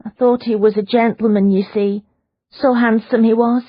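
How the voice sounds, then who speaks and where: A woman voicing a shrill, frantic, half-mad prisoner. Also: little pitch movement, normal speed, muffled recording, close to an everyday voice. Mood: despairing. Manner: shrill, wailing, clings to her fixed idea. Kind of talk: audiobook character voice.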